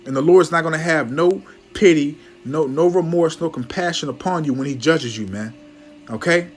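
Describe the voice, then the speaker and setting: Fiery, higher-voiced man preaching hard. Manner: scolding, emphatic, calls listeners man; reads verses slowly and loudly. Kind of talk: fiery scripture teaching.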